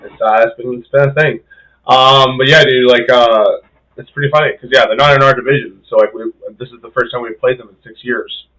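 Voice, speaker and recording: A man's voice: medium pitch, fairly even intonation, a little fast, pushed and bright, rough recording. Young guy on a podcast rambling through a rugby story, swears a lot, lots of likes and ums. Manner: casual storytelling, heavy swearing and fillers. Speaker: podcast co-host, rugby player. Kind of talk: casual chat.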